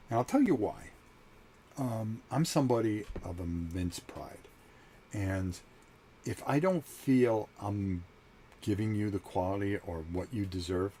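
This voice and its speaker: A middle-aged man with a somewhat low voice hosts his own channel and tells a personal story in a loose, rambling way. He slips into the voices of the people he quotes. A faint hiss sits under his voice. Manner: animated, acts out quoted conversations. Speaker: channel host. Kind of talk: casual storytelling monologue.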